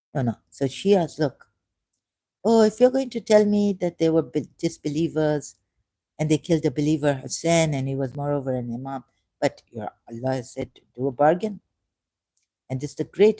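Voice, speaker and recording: A woman from Pakistan talks in a rambling monologue, her voice mellow and warm. She drifts between quiet asides and sudden emphatic bursts, repeating phrases, recorded dry and close with no room sound. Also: sits low, no room sound. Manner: digressive, repeats phrases, shifts from soft asides to emphatic raised outbursts. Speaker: ex-Muslim speaker sharing his views.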